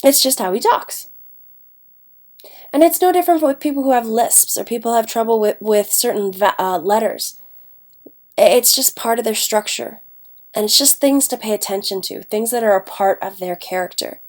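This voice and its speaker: A woman's voice: fairly high pitch, moderate pace. A woman teacher giving a recorded lecture, congested and sniffling, chatty with fillers and self-corrections. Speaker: English teacher.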